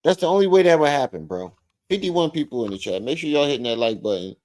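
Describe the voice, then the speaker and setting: A man hosting a livestream, reacting to a clip with animated, mocking commentary. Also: a little high, fast talker. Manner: animated, mocking, repeats phrases. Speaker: livestream host.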